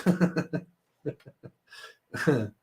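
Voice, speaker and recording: A man's voice: very slow, a little mellow. A man hosting a live tarot stream, chatting casually with viewers, joking and laughing often. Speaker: tarot livestream host.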